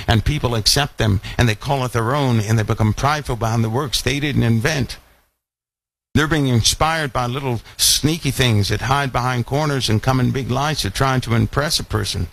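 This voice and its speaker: A man's voice: medium pitch, moderate pace, vocal fry. A man preaching a live online Bible lesson, asking many rhetorical questions. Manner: animated, full of rhetorical questions.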